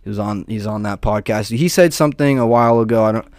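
A man's voice: fairly low pitch, fast, a little mellow, dry recording. Profane rambling young guy, dry sound. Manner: loose and profane, lots of "dude" and "man". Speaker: podcast host. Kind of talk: casual rambling monologue.

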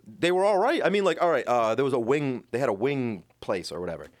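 A man's voice: mid-range voice, big pitch swings, fast, no room sound. A man from Rhode Island co-hosting a podcast, telling rambling, profane stories full of fillers in casual chat.

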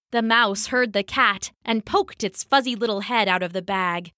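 A woman narrating a children's story in an expressive, animated way. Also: a little high, measured pace, dry recording, clean studio sound.

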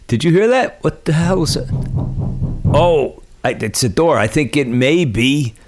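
A man's voice: a little high, animated, takes it slowly, a little mellow. A man hosting a comedic podcast, enthusiastic and laughing often as he banters. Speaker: podcast host.

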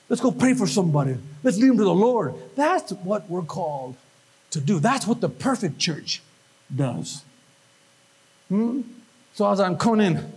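A man preaching a sermon, animated, with call-and-response and questions to the congregation. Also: sits high, vocal fry, breathy edge. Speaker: pastor.

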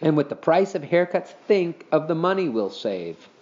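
A man voicing a brisk, soothing mother, in a dull lo-fi recording. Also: a little high, very animated, a little mellow, voice pushed up.

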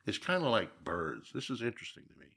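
A man's voice: lowish voice, sing-song, fast, gravelly, fairly bright tone, slightly rough. A man from Minnesota, a guest telling stories in a casual interview, reflective and folksy with emphatic repeats.

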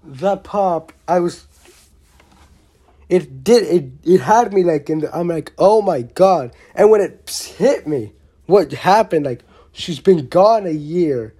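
A vlogger giving a casual, opinionated wrestling show review, rambling and excitable, often restarting sentences and swearing mildly. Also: mid-range voice, takes it slowly, husky. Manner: blunt, with mild swearing.

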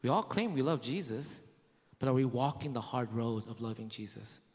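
A man's voice: medium pitch, animated, normal speed, darkish tone, big-room sound. A man preaching a sermon in a conversational way, asking his listeners rhetorical questions and tossing in casual fillers. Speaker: pastor.

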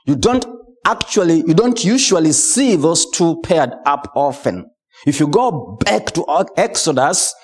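Slow, lively male preacher. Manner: slow, lively preaching with rising and falling pitch. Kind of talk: sermon.

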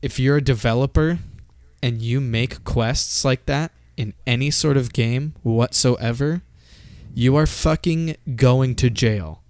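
A man chats casually about video games, ranting, swearing freely, and laughing often. He takes it slowly, speaking in a medium-pitched, darkish voice.

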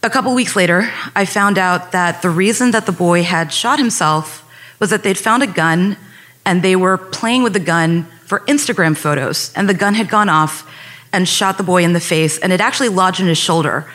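A woman's voice: fairly low pitch, normal speed, fairly bright tone. Earnest woman telling a true story. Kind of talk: personal story told on stage.

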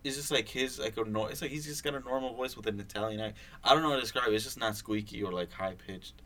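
Fast-talking and forceful, this young man has a bright, medium-pitched voice. Co-hosting a podcast in a casual chat, he rambles on, curses frequently, and keeps restarting and leaning on fillers.

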